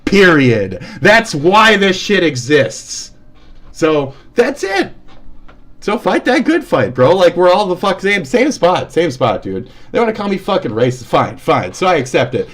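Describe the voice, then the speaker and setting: A young man streaming live, ranting with constant swearing, swinging between heated outbursts and low muttering. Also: big pitch swings, measured pace. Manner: heated, swearing, shouting insults then dropping low and muttering. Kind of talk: angry profane rant on a live stream.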